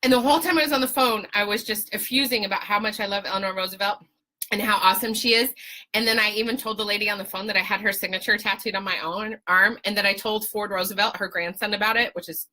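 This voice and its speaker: A woman's voice: mid-range voice, steady tone, fast, sharp tone. A woman hosting a live video stream from home on a webcam, chatting with viewers in a casual, profane way.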